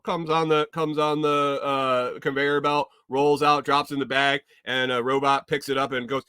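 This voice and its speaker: Bright-voiced, profane man rambling casually. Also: mid-range voice, little pitch movement, moderate pace, hardly any pauses, smooth, no echo, clean studio sound. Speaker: podcast host. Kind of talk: casual monologue.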